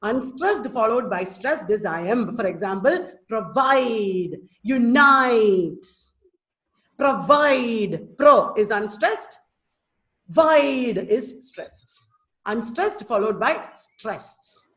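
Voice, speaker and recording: Woman lecturer, higher voice, slow and sing-song, on a video call in an echoey room. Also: expressive. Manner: slow, emphatic, sounding out stress patterns. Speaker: teacher. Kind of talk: webinar lecture. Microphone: computer mic on a video call.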